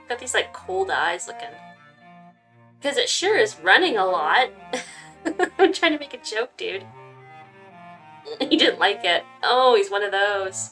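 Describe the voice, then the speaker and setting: A woman's voice: medium pitch, big pitch swings, a little slow, long pauses, a bit bright, soft background music. A young woman hosting a game playthrough, chatting casually and reading aloud in a giggly way, full of likes and you-knows. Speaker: gaming channel host.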